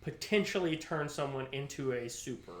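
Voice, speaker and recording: A man co-hosting a podcast in casual chat, lively and acting out scenes with sound effects and quoted lines. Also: mid-range voice, moderate pace, slight background noise. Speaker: podcast co-host. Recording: roomy echo.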